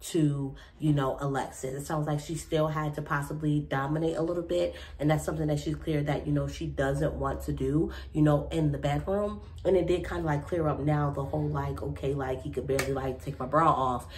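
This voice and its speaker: A woman casually recapping and reacting to a reality TV episode, slangy, chatty and expressive. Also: low-pitched, a little fast, hardly any pauses.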